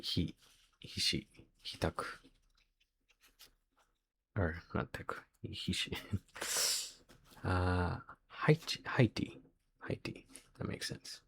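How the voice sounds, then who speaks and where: A man's voice: low-pitched, little pitch movement, slow, vocal fry, pauses often, pushed and bright, a little hiss or hum. A man thinking aloud as he works through a quiz, hesitant and muttering guesses to himself. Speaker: quiz video host.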